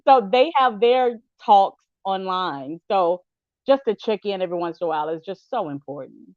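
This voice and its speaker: A woman's voice: medium pitch, animated, moderate pace, no room sound. A woman panelist speaking in a chatty, reflective way. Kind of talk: conversational discussion. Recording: dull, dry remote audio.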